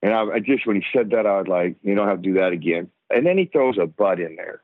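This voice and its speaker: Talking quickly with few pauses, a fairly low-voiced middle-aged man, a former football player, shares a lengthy personal story as a guest in an interview. He performs others' lines to bring it alive, heard over a dry, thin phone connection with no room sound.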